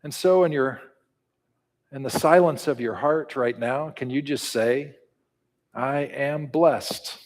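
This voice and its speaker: A man's voice: mid-range voice, slow. A man preaching a sermon and leading a prayer, earnest and building to call-and-response. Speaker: pastor. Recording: reverberant hall.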